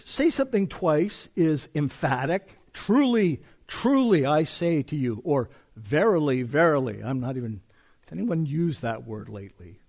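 A man's voice: on the high side, dark tone. A man preaching an expository sermon as a pastor, reading scripture aloud with emphasis and explaining it to a congregation.

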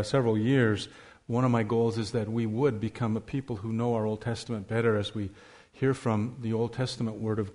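A male pastor preaching a sermon in a steady, plain voice, explaining a passage and his plans for the congregation. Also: mid-range voice. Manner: reads scripture in a raised, emphatic voice, prays softly. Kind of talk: sermon with scripture reading and prayer.

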